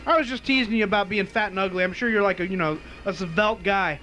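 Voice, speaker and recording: A man hosts a late-night call-in radio show, teasing callers and joking between questions. His voice sits high and bright, and he talks at a quick clip with faint music running behind him. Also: rough recording. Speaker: radio talk show host.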